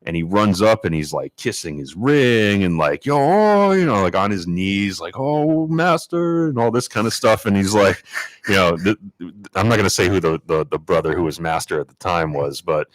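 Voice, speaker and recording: A man co-hosting a podcast, telling a story in casual chat and acting out the people in it with sudden high-pitched quotes. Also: brisk, no room sound. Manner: animated, acts out quotes in a high voice. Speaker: podcast co-host.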